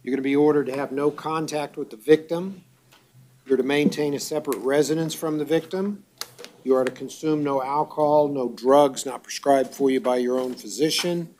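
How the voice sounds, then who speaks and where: A judge reads out charges and bond conditions in a measured, formal manner. His voice sits somewhat high for a man. He pauses on fillers as he talks. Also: steady tone, a little mellow, slight background noise. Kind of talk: courtroom bond hearing.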